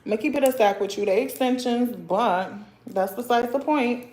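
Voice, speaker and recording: A woman's voice: fairly high pitch, moderate pace, darkish tone. Sassy young woman chatting, roomy echo. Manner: sassy and blunt, addresses viewers as sir and girl; laughs often while talking. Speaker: livestream host. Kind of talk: casual livestream chat.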